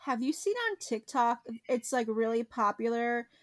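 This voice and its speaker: A young woman co-hosting a podcast in casual chat, animated and laughing often as she tells stories. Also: a little high, normal speed, no echo. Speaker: podcast co-host.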